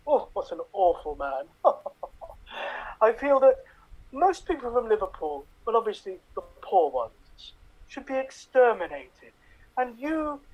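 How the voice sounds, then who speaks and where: A woman's voice: medium pitch, low-quality recording. A woman doing a haughty, poisoning prime minister. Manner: posh, slow, condescending, chuckling. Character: haughty older female prime minister, cold. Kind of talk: improv comedy impression. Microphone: video call.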